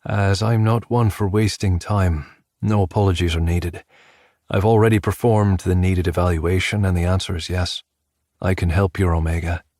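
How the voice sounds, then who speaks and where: A man's voice: sits low, steady tone, normal speed, a little mellow, dry recording, studio quality. A man voicing a confident, aloof male wolf healer in an audiobook. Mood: cool.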